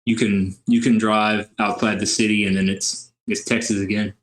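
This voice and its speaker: A man from Louisiana, a podcast guest, talking in a relaxed, rambling way with lots of fillers. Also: lowish voice, normal speed. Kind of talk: casual chat.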